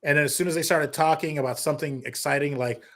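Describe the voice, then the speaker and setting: A man, a comedian guest on a podcast, telling stories in a lively, casual way and breaking into impressions. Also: a little high, fast. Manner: animated storyteller, slips into impressions. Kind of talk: casual interview storytelling.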